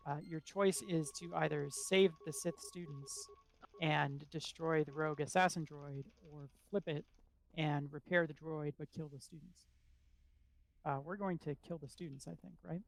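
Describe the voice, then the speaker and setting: Higher-voiced man explaining a game route. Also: steady tone, normal speed, gravelly. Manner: explanatory, methodical, with frequent ums. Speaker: speedrunner explaining his route. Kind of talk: live gameplay commentary.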